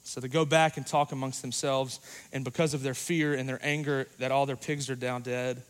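A man preaching a sermon in a dynamic, conversational way, swinging between loud passages and hushed ones. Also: mid-range voice, flat delivery, normal speed. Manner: conversational, uses "like" and "you know".

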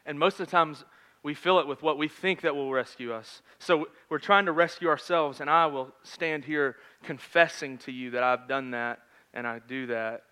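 A man in his thirties preaching a sermon in a conversational storytelling manner, swinging between loud and hushed. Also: a little high, steady tone, moderate pace, few pauses, clean tone. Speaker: pastor.

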